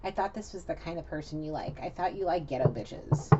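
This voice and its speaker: A woman's voice: low voice, animated, fairly quick, lo-fi sound, heavy background noise. A woman voicing a defiant young woman with a new attitude, sassy and profane.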